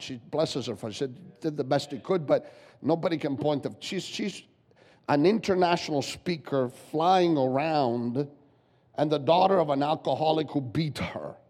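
A man's voice: on the high side, a little mellow. Emphatic male pastor in reverberant hall. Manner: emphatic, repetitive preaching with rhetorical questions. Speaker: guest pastor. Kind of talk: sermon. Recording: long church hall reverb.

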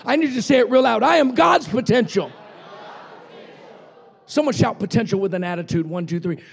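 Middle-aged man, fiery revival preacher; high gravelly voice, pushes the crowd to shout back. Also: animated, very fast. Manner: impassioned, shouting, calls for congregation response. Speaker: pastor. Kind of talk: revival sermon.

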